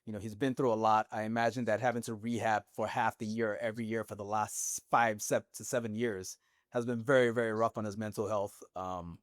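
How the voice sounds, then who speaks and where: A man's voice: fairly low pitch, level tone, brisk, no room sound, clean studio sound. A man hosting a casual football podcast, joking and swearing as he recaps the match. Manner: profane, jokey, recaps match moments. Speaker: podcast host.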